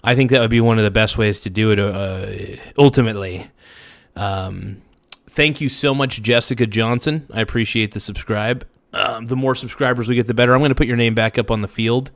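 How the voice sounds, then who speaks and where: A man hosting a casual livestream, slangy and hyped as he thanks subscribers, his voice slightly hoarse. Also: medium pitch, fairly quick, no echo. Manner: hypes subscribers, slangy and loose. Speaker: livestream host.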